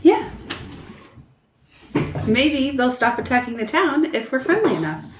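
A woman playing a tabletop game, giggly and playful, with an unhurried pace and a voice that swings widely in pitch. Her voice sounds roomy and echoey, with a faint hiss in the background. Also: sing-song. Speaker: player. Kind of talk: casual tabletop play.

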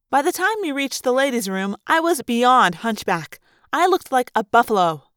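A woman reading a first-person story aloud with animated, dramatic expression. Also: fairly high pitch, normal speed, clear, resonant tone, no room sound, clean studio sound. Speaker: audiobook reader.

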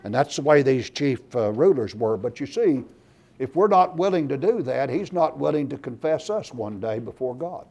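A man's voice: medium pitch, expressive, moderate pace. A man preaching a sermon, reading scripture aloud and pressing his points with emphasis. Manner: emphatic, rising loud on scripture and lists.

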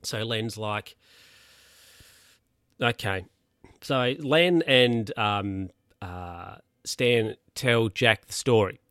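A man's voice: on the low side, extremely slow, long pauses, dry recording, studio quality. A man casually retelling a comedy episode, putting on voices for each character and laughing along. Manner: animated storytelling, acts out characters' lines in voices.

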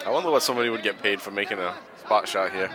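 A man's voice: lowish voice, rapid-fire. A man with a Boston-area accent co-hosting a casual, profane watch-along podcast. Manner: laid-back, profane, laughing often. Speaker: podcast co-host. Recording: wrestling broadcast with crowd playing behind.

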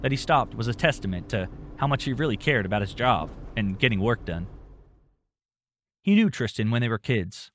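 A man narrating a story in a steady, plain storytelling manner. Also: medium pitch, normal speed, a little hiss or hum.

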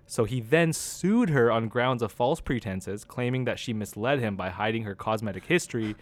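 A man's voice: medium pitch, normal speed. A man hosting a casual comedic podcast, reading out headlines and teasing his co-hosts with a laugh. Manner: playful, laughs often, teasing.

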